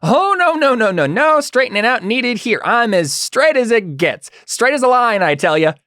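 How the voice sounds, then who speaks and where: A man's voice: sing-song, normal speed, bright, forceful tone, no room sound, studio quality, full character voice. Jack, a man doing a jittery flaming yam lantern. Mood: nervously defensive. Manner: high, jittery, fawning sidekick talk.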